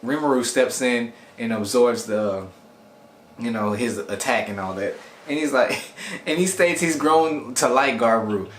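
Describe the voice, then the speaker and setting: A man's voice: mid-range voice, a little slow, a little hiss or hum. Rambling chatty man reviewing anime. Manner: rambling, chatty, animated quoting. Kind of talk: casual video review. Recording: echoey room.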